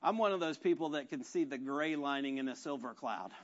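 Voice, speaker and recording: A man's voice: medium pitch, lively intonation, brisk, dull audio. A man preaching a conversational, self-deprecating sermon full of rhetorical questions. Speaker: pastor.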